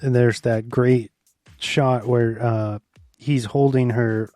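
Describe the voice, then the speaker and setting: A man's voice: medium pitch, fairly even intonation, warm tone, no echo, faint music behind. A man guesting on a podcast, chatting easily about a film and retelling scenes. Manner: easygoing, quick to laugh, retells scenes with quotes. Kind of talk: casual film review chat.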